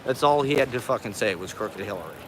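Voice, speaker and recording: Live streaming on a phone mounted on a selfie stick, a stoned man rambles, swears and laughs often from a busy city street full of traffic noise and crowd noise. His voice is lowish with lively intonation, and he talks fast.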